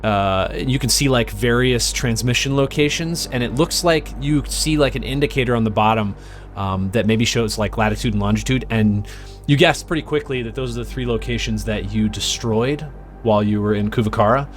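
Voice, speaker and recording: Man, game master, loose rambling narration, mid-pitched voice, faint music behind. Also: normal speed. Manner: loose, rambling description with many fillers.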